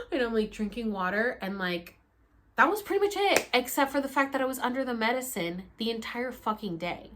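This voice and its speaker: This young woman tells her story in a loose, chatty vlog style, jumping into high, loud bursts when she acts out what she said. Her voice sits a little high for a woman, and her delivery is animated and unfiltered, with casual swearing. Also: brisk, slight background noise. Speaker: vlogger.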